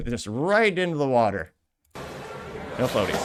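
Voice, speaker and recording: A man's voice: on the low side, lively intonation, a little fast, a loud crowd, heavy background noise. A man hosting a commentary show, reading out social media comments with dry, sarcastic jokes and self-deprecating asides. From Cuban heritage. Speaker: show host.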